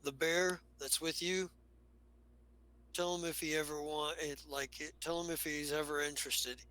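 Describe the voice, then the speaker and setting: A man's voice: on the high side, fairly even intonation, normal speed, sharp tone, smooth, poor audio. A man voicing a friendly, amused stranger who is leaving the group.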